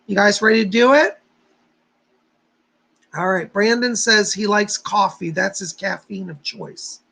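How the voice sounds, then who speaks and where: A man's voice: high voice, measured pace, gravelly, sharp tone, rough recording. A man hosting a psychic livestream who chats casually with viewers, greets them by name, leads a guided meditation and gives readings.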